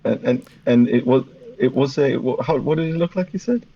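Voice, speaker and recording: A man's voice: mid-range voice, a little fast, slight background noise. A man playing a tabletop game, hesitant and stumbling over his words. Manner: hesitant, lots of fillers and restarts. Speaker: player. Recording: dull lo-fi mic.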